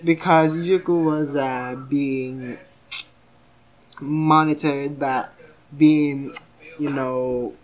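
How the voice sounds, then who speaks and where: A man's voice: a little high, fairly even intonation, very slow, pauses often. A young man casually retelling a fan story, rambling and hesitant with many fillers, often apologizing.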